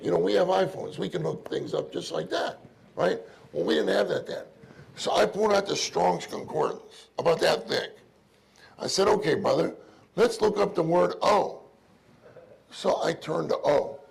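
A man giving an informal, earnest sermon at a meeting, crying out loudly when he calls on the Lord. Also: sits high, normal speed, vocal fry, breathy edge. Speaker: preacher at a church meeting.

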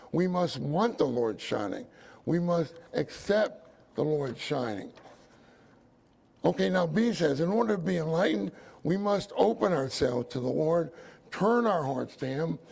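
A man's voice: fairly high pitch, vocal fry, darkish tone, slightly rough. A man preaching a sermon at a conference, emphatic and repeating phrases for stress.

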